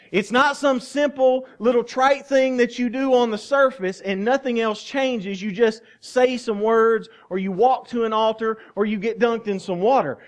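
High-voiced man preaching with fervor. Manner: emphatic preaching, swinging from loud to hushed. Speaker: pastor. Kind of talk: sermon. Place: church sanctuary.

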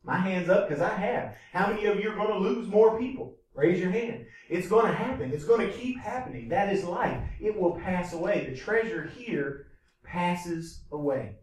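A man's voice: sits high, lively intonation, moderate pace, far from the mic. A man preaching a sermon as pastor, with impassioned rhetorical questions. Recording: echoey room, voice from off-mic.

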